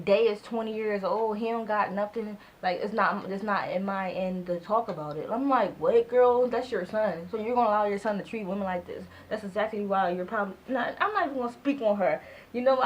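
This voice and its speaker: A woman in her twenties telling a storytime vlog in a casual, animated way, acting out both sides of conversations and filling her speech with "like". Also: on the high side, highs cut off. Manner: heavy use of "like" as filler. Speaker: vlogger.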